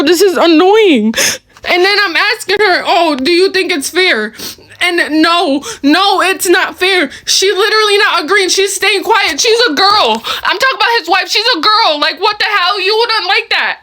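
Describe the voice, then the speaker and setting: A woman's voice: very high-pitched, sharp tone. A woman in her early twenties, venting in an agitated, tearful rant to camera from her bedroom, recorded on a phone. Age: early 20s. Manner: agitated, tearful venting, says "bro" often. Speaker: upset young woman venting on video.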